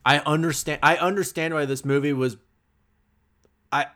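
A man's voice: a little high, steady tone, moderate pace, fairly bright tone. A young man co-hosting a casual film podcast, hesitant and restarting his sentences, with a teasing streak. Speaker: podcast co-host.

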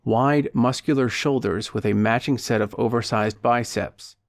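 Male narrator with a steady, dry read. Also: mid-range voice, moderate pace, no echo. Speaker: audiobook narrator. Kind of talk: scripted narration.

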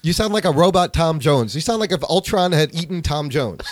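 A man's voice: fairly high pitch, expressive, normal speed, no echo, clean studio sound. A man in his forties co-hosting a podcast, playful and upbeat, laughing often. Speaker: podcast co-host. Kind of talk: casual podcast chat.

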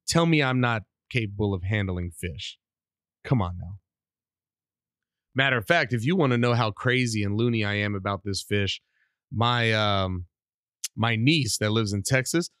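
A middle-aged man hosting a casual solo podcast, rambling and animated while under the weather with a cough. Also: lowish voice, unhurried, pauses often, no room sound, studio quality. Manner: rambling, animated, self-deprecating. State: sick with a cough. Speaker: podcast host.

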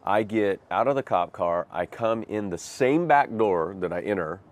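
A man with a voice on the low side talks at normal speed, animated, as a guest sharing his life story. His personal testimony about a hard chapter is earnest and self-deprecating, vividly told with rueful laughs.

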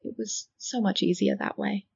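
A woman reading an emotional first-person story with a gentle, wistful delivery. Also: mid-range voice, steady tone, normal speed, creaky, slightly rough, no echo. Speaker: fan fiction reader. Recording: dull lo-fi dry recording.

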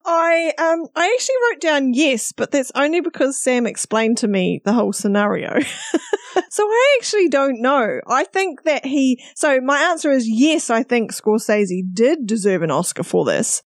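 Lively, bubbly woman podcast co-host. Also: high-pitched, normal speed, dry recording. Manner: bubbly, giggly, asks the questions. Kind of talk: casual chat.

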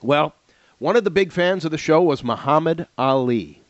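A man co-hosting a casual podcast about old TV shows, telling stories with animated asides. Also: on the high side, no echo. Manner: animated storyteller, does quick impressions. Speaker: podcast co-host. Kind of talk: casual retro TV chat. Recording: dull lo-fi sound.

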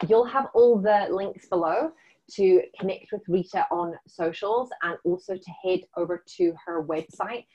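A woman with a mixed South African and Scottish accent hosts a casual interview chat, upbeat and effusive, with warm praise. Her voice sits in the mid-range, and the sound is lo-fi.

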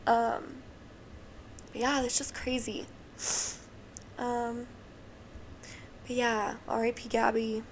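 A woman's voice: a little high, flat delivery, takes it slowly, long pauses, a little hiss or hum. A young woman hosting a podcast, talking casually and emotionally with lots of fillers, sounding tired. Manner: chatty and emotional, many fillers. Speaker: podcast host.

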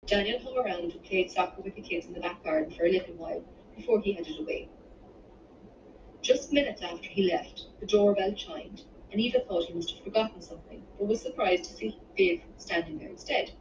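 A woman reading her own novel aloud in measured storytelling. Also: medium pitch, slight background noise. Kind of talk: audiobook narration. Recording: distant roomy dull-sounding recording.

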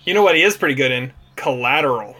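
A man's voice: medium pitch, expressive, quick pace, sharp tone. A man co-hosting a casual movie podcast, laughing often and repeating himself as he talks. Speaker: podcast co-host.

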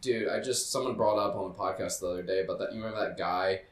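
A man's voice: deep voice, quick pace. A man co-hosting a podcast, rambling through crude, profane banter with frequent laughs. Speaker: podcast co-host. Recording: roomy echo.

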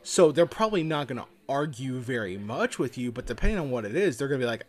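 Podcast guy explaining stuff, casual and a bit sweary, mid-pitched voice. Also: big pitch swings, quick pace. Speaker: podcast co-host. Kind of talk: casual chat about tabletop games.

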